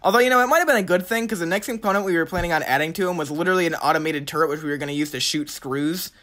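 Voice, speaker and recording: A man's voice: fairly high pitch, rapid-fire, sharp tone. A young man telling a comedic story from his school days in a sarcastic, mock-dramatic way. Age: young adult.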